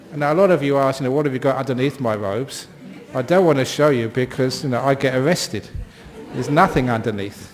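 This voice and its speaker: A man's voice: mid-range voice, slight background noise. A British man in his sixties, a Buddhist monk giving a dharma talk with humorous, self-deprecating storytelling.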